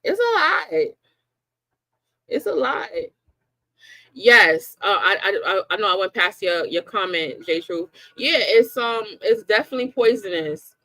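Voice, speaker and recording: A middle-aged woman hosting a casual live chat, talking slowly with many fillers. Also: mid-range voice, expressive, pushed and bright, no room sound. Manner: slow, drawn-out talk with frequent fillers. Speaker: live stream host.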